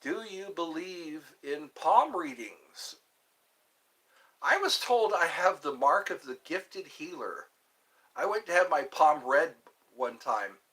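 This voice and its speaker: A man hosting a livestream from home takes it slowly as he chats and rambles through viewer questions and comments. His fairly high voice is expressive, with a fairly bright tone.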